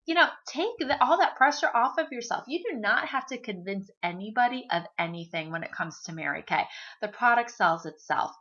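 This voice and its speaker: Bright, upbeat woman giving a team pep talk. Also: a little high. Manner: upbeat, chatty, emphatic with many fillers. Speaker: sales director addressing her team. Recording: dull lo-fi recording.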